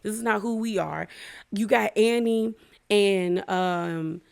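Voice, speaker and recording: Taking it slowly, a woman with a mid-range, gravelly, slightly mellow voice breaks down a reality show. Her take is opinionated and slangy, full of gossip aimed directly at her viewers.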